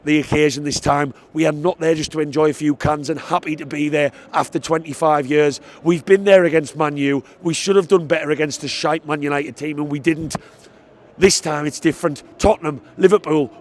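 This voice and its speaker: Man, high-pitched, emphatic football fan reaction vlog. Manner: excitable, emphatic, repeats "I tell you what". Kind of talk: post-match fan reaction. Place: outside a football stadium after a match.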